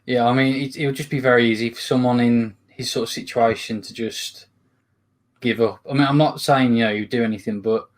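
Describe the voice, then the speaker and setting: A man chats casually as a podcast co-host. He pauses often and searches for words. His voice sits at an ordinary middle pitch. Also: fairly even intonation. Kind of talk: casual chat.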